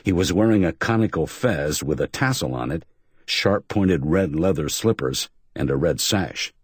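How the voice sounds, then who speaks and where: A man narrating a hardboiled crime audiobook in a measured storytelling manner. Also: deep voice, expressive, slightly rough, no room sound, clean studio sound. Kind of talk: scripted narration.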